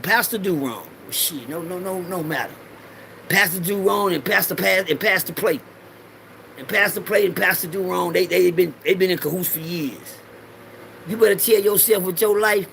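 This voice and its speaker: High gravelly man, preachy rambling vlog. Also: fairly bright tone, slight background noise. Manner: preachy, repeats lines for the audience to say along; loose Southern street slang, swears freely. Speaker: vlogger. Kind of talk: rambling personal monologue.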